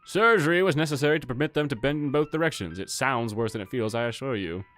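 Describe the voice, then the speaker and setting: A man's voice: mid-range voice, animated, quick pace, a bit bright, soft background music, pitched above the performer's own voice, natural voice. A man voicing a cheerful male sideshow performer who talks in a chatty, upbeat way.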